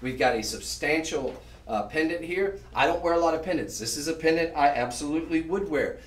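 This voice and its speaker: A man hosting a live shopping show, chatting on and piling up descriptive words as he pitches. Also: brisk, recorded from a distance. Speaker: shopping channel host. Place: shopping channel studio. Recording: roomy sound, voice off-mic.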